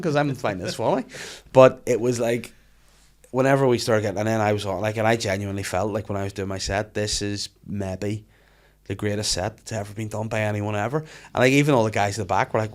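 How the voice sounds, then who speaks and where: A man hosting a podcast, telling animated stories in casual chat and swearing freely. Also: fairly low pitch, quick pace. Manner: animated storytelling, frequent swearing. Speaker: podcast host.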